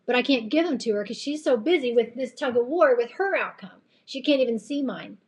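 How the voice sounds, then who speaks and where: Woman doing a gentle fond god talking, kinda high. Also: lively intonation, fairly quick, breathy edge. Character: gentle loving God, imagined speaking.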